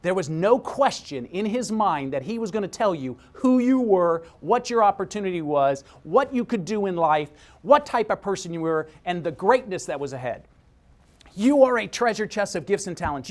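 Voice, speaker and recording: A middle-aged man giving a motivational talk, telling stories with big swings in pitch and loudness. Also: big pitch swings, moderate pace. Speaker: speaker. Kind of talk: motivational speech.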